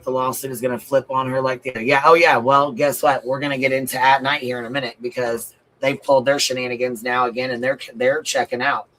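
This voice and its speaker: A man's voice: mid-range voice, little pitch movement, fast, few pauses, pushed and bright, rough recording. A man giving blunt, profane livestream commentary, reading out viewer comments and repeating his points for emphasis.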